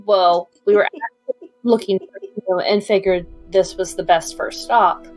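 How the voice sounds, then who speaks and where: A woman taking part in a tabletop game, speaking in a playful, joking way at a mid pitch. Faint music sits in the background. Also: fairly even intonation, unhurried. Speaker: player. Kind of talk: tabletop role-play chat.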